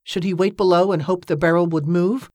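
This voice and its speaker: A woman narrating a story in a measured, steady storytelling manner. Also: fairly low pitch, no room sound. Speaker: audiobook narrator. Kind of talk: scripted narration.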